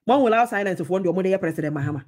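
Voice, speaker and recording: A woman's voice: medium pitch, lively intonation, very fast, a little mellow. A woman with a Ghanaian accent giving opinionated TV commentary, switching between English and Twi with emphatic, mocking remarks.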